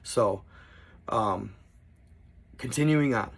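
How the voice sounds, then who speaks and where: Gravelly-voiced man reading and commenting. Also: medium pitch, normal speed, a bit bright. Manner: conversational, stops to explain and comment on the text. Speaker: storyteller. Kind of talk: reading a diary aloud with casual commentary.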